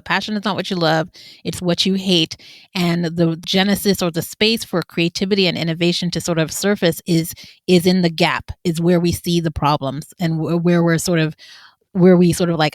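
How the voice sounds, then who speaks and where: A woman's voice: lowish voice, no echo, clean studio sound. A woman hosting a podcast interview, enthusiastic and affirming as she sums up her guest's points. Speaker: podcast host.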